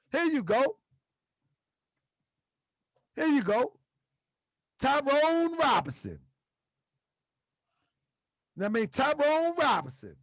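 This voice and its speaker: A man with a strikingly high voice lectures his online audience and fires off repeated rhetorical questions. His pitch leaps around with lively energy. The sound is close and dry. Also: drawn-out words, long pauses, dry recording. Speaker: host. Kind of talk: livestream commentary to chat.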